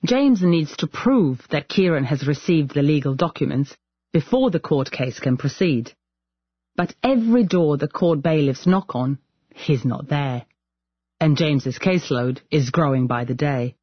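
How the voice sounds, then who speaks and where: A man journalist giving measured, scripted documentary narration. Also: fairly high pitch, animated, slightly rough, no room sound, muffled recording. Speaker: journalist presenter.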